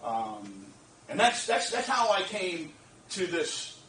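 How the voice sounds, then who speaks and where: A man telling a lively story to a lecture audience, laughing, repeating phrases and checking in with the listeners. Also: high voice, slow, a little hiss or hum. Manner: animated, laughing, repeats phrases, asks the audience "you get what I'm saying?". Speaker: speaker at a lecture event. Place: lecture room. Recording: roomy, distant from the mic, faint ambience.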